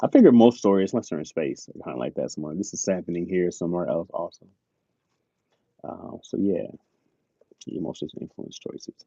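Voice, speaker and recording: A man with a low, mellow voice chatting casually on a live stream, loose and profane. The mic sounds dry and close but dull and lo-fi. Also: expressive, a little fast, gravelly, slightly rough, no room sound. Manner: laid-back, swears, says "bro" and "man". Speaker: streamer host. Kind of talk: casual chat.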